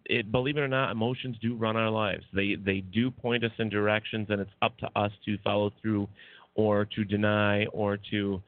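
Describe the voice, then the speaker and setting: A man's voice: lowish voice, flat delivery, normal speed, dry recording, narrow, tinny audio. A man co-hosting a casual talk show, joking and teasing as he reads chat comments. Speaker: co-host.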